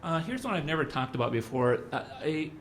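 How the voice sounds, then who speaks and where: A man's voice: a little high, big pitch swings, brisk, slight background noise. A middle-aged man speaking at a symposium, telling anecdotes in a loose, conversational way. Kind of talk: conference talk.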